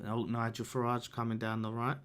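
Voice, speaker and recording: Chatty fan watching a match. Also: male voice, mid-range voice, completely flat delivery, brisk. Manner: chatty, swears, reacts loudly to the game and reads super chats. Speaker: fan channel watchalong host. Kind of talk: live match watchalong commentary.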